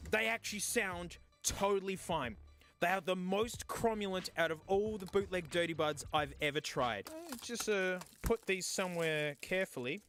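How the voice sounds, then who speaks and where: A young South Australian man vlogging casually, joking and breaking into shouts as he browses a second-hand shop. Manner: animated, jokey, bursts into high shouting. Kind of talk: casual comedic thrift-shop vlog.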